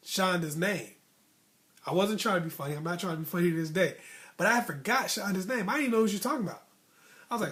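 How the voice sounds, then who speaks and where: A man with a high voice tells a story from his own life in a casual, chatty way. He gets animated and circles back, repeating points to drive them home. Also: fast, pauses often. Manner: animated, repeats himself for emphasis. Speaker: vlogger telling stories from his life.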